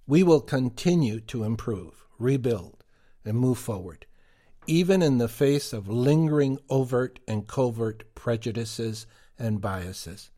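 Slow, deliberate male podcast host. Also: mid-range voice, lively intonation, mellow. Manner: slow, deliberate, emphatic delivery. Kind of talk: prepared reflective commentary.

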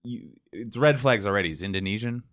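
A man with a fairly low, smooth, resonant voice hosting a podcast. He riffs with wry asides in relaxed banter, recorded close and dry with no room sound. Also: fairly quick, dry recording. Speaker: podcast host.

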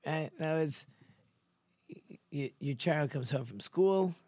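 A man's voice: measured pace, no room sound. A man who is a rabbi, teaching Torah in a chatty, storytelling way and often checking in with listeners with "right?". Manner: drops into quieter, lower asides. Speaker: rabbi hosting a Torah talk show.

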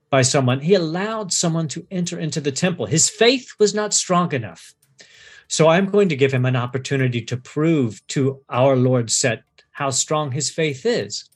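A man voicing a smiling male priest torturer who speaks with calm, coaxing menace. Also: on the high side, slightly rough.

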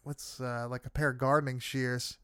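A man's voice: mid-range voice, flat delivery, moderate pace, a bit bright, smooth, dry recording, clean studio sound. A man casually recapping a horror film with friends, swearing often and leaning on fillers. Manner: loose, swearing, many fillers.

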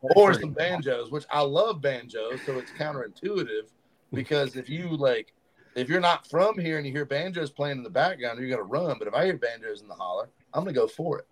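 A man telling animated stories as a podcast guest in a studio. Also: medium pitch, a little fast, rough recording. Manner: animated storyteller, acts out quotes. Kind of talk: casual storytelling.

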